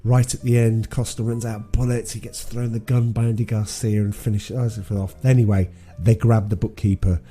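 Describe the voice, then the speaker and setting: Rambling man with a dark voice. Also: lowish voice, level tone, moderate pace, hardly any pauses. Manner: rambling retelling with many ums and restarts. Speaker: podcast co-host. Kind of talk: casual film recap chat.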